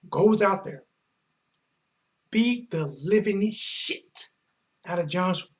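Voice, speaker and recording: A man hosting a casual sports live stream, talking in animated, slangy bursts that swing between mumbling and shouting. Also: high-pitched. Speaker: sports vlog host.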